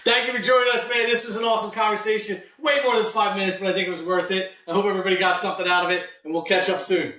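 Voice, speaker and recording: A man hosting a podcast interview, upbeat and quick with interjections. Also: high-pitched, level tone, pushed and bright. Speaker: podcast host. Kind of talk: casual interview chat. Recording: roomy echo.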